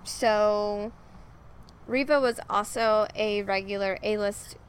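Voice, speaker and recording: A woman's voice: mid-range voice, steady tone, takes it slowly, clean tone, poor audio. A woman co-hosting a podcast in casual chat, rambling and chatty with lots of fillers. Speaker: podcast co-host.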